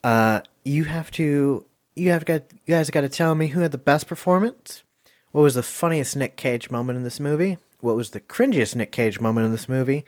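A man's voice: medium pitch, normal speed, no echo. Sex: man. Role: podcast host. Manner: filler-heavy, dry sound. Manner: frequent "uh" fillers, loose and joking. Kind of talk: casual podcast hosting.

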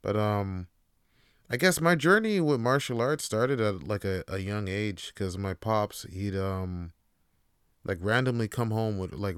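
A man's voice: on the low side, fairly bright tone, smooth, no room sound, studio quality. A young man hosting a podcast, talking casually in a rambling, profane way with many fillers. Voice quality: laid-back, profane, rambling with lots of fillers. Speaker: podcast host. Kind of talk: casual monologue.

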